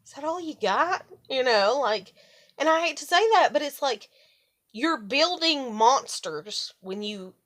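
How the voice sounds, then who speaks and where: Rambling, swearing woman vlogger. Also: a little high. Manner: rambling, profane, animated retelling. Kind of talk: casual monologue to camera.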